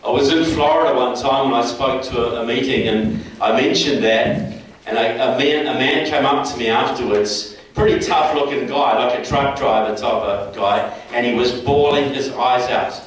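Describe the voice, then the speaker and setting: A man's voice: medium pitch, moderate pace. Man, New Zealand accent, folksy direct public speech, faint background noise, distant mic. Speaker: guest speaker. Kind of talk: public speech to a local group. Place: meeting hall. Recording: echoey hall, mic far off.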